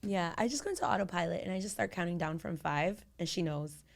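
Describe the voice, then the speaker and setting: A woman's voice: lowish voice, quick pace, vocal fry. A woman in her thirties co-hosts a casual podcast. She talks freely, piles up fillers, and slips into quoting herself mid-story. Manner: chatty, quotes herself, frequent "like". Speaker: podcast co-host. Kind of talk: casual chat.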